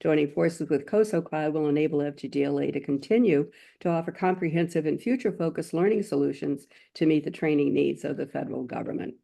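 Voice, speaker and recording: Gravelly-voiced webinar host reading introductions. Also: medium pitch. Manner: reads from a script, warm and formal. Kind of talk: scripted announcements and speaker introductions.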